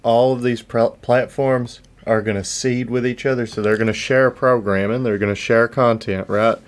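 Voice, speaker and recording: A man's voice: medium pitch, fairly even intonation, normal speed. A man with a Kentucky accent, co-hosting a casual podcast, ranting and joking and swearing freely. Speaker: podcast co-host.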